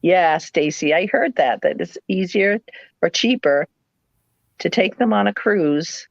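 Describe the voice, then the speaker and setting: A middle-aged woman with a New England accent, hosting a live sale and chatting in a rambling, animated way with playful put-on voices. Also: lowish voice, slow pace, vocal fry, no echo, muffled recording. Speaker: live sale host, former nurse. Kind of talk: casual chat.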